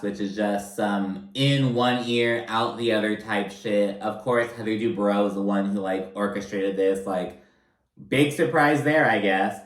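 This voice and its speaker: A man's voice: fairly low pitch, echoey room, rough recording. Sarcastic, profane man recapping TV. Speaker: reality TV recap commentator. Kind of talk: casual recap commentary.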